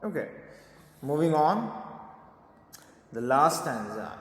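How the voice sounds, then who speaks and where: Slow-paced teacher, echoey room. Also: male voice, on the high side, lively intonation. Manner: explains simply, repeats words, says okay and right often. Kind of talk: classroom poem lesson. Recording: roomy echo with long reverb.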